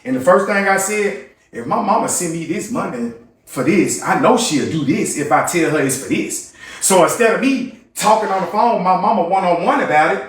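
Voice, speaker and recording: Man arguing loudly in an echoey room. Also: high voice, animated, distant mic. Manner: fast, repetitive, swearing, quotes others in put-on voices. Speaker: livestream host. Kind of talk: heated casual argument.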